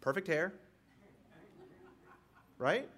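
A man's voice: fairly high pitch, expressive, very slow, fairly bright tone. A man preaching an expository sermon, reading scripture aloud and speaking directly to his congregation. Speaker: pastor.

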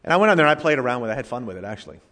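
A man preaching a sermon, swinging between loud emphasis and quiet, drawn-out phrases, with rhetorical questions. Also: mid-range voice, sing-song. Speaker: pastor. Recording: hall reverb.

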